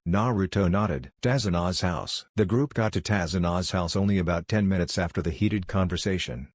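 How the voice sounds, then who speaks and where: A man narrating a fan fiction story in a plain, steady reading voice. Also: sits low, normal speed, few pauses, dry recording.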